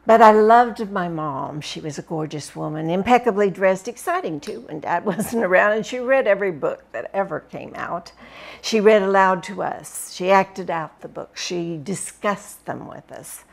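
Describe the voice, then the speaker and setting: A woman reading a first-person memoir aloud with expressive, dramatic storytelling. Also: mid-range voice, normal speed, creaky. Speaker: book reviewer reading aloud.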